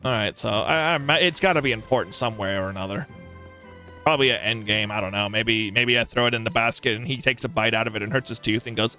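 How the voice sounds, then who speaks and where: A man's voice: medium pitch, fast, soft background music. A man playing through a game, reading every villager's lines aloud and joking between them. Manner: animated, jokey, plays every villager. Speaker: let's play streamer.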